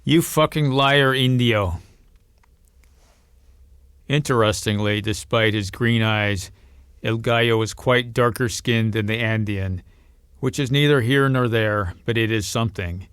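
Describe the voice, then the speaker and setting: A man reading a novel aloud as narrator, in a steady storytelling manner. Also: moderate pace, clean tone, dry recording, clean studio sound. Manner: steady storytelling, lifts pitch and volume for quoted voices. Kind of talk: audiobook reading.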